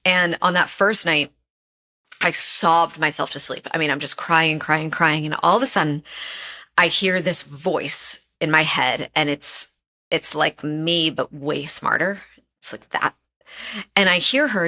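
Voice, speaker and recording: A woman's voice: sits low, unhurried, pushed and bright. A woman guest on a podcast, a relationship expert speaking earnestly and telling personal stories, repeating phrases for emphasis. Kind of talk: casual interview chat.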